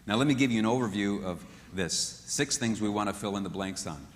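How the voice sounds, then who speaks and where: A man teaching a marriage seminar in an animated way, often acting out what spouses say. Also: fairly low pitch, brisk. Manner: animated, acts out quoted voices. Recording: echoey hall with long reverb.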